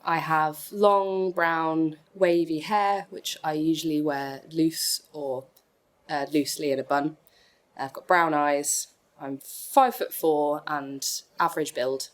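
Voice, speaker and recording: A woman's voice: sits low, fairly even intonation, slow pace. A woman in her thirties with a mild West Midlands accent, a stage actor describing herself matter-of-factly for an audio introduction. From England. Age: 30s.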